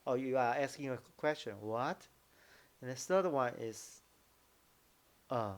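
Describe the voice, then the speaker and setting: A man with a Mandarin Chinese accent teaching a live online lesson, halting, restarting phrases and demonstrating tones out loud. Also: mid-range voice, smooth. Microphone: computer mic, video call.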